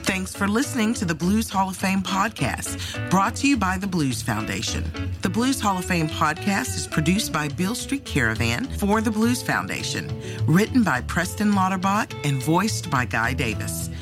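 A woman reading a scripted closing announcement in a clear, friendly way. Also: on the low side, big pitch swings, normal speed. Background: guitar music.

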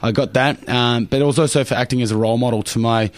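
Fields: quick-talking young Australian man, dry sound. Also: medium pitch, fairly even intonation, dry recording. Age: young adult. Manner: cheeky, jokey anecdotes with many fillers. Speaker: guest, Paralympic swimmer. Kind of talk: casual interview storytelling.

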